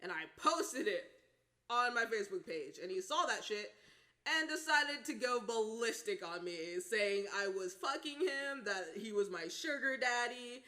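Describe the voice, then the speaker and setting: A woman chatting casually on a podcast, her voice very bright and ringing. She tells her story in an animated, loose way, laughing often and swearing freely. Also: on the high side, unhurried. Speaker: podcast co-host.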